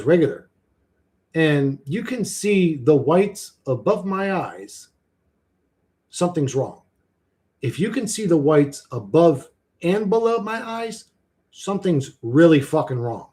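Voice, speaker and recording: A man's voice: fairly high pitch, very animated, slow, mellow. A man ranting on a livestream in a casual, rambling, sardonic way, swearing freely.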